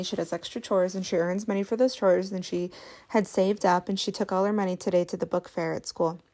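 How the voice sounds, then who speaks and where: Chatty woman podcast host with vocal fry. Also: mid-range voice, a little mellow. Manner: chatty, self-deprecating, laughs often. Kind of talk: casual storytelling podcast.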